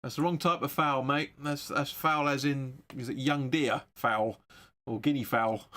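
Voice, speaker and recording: A man hosting a football watch-along stream, giving excitable, sweary live match commentary. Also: medium pitch, slow.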